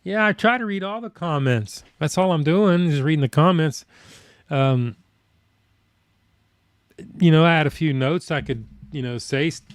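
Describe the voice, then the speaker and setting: A man's voice: on the high side, moderate pace, pauses often, dry recording. A man hosting a live stream, chatting casually in a plainspoken, folksy way while he reads viewer comments. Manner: plainspoken, folksy, rambling with fillers.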